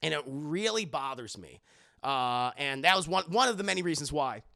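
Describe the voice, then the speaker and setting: Dude streaming a movie recap, super gravelly voice, bright and tense, swears a lot and keeps talking to chat. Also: male voice, on the high side, lively intonation, moderate pace. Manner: rambling, profane, keeps addressing the chat; acts out characters' lines as he retells scenes. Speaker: movie reviewer and livestreamer. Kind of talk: casual livestream movie recap.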